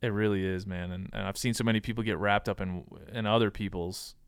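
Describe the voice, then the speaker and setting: A man with a lowish, clear, smooth voice talks as a podcast guest, working through his thoughts with plenty of ums and restarts. The sound is close and dry, with no room echo. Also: steady tone, quick pace. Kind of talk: casual conversational advice.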